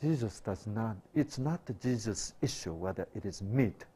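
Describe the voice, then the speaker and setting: A man's voice: fairly low pitch, animated, moderate pace, warm tone, slight background noise. A man giving a sermon-style health talk, asking rhetorical questions and answering them himself, with broken, repetitive phrasing. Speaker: health lecturer.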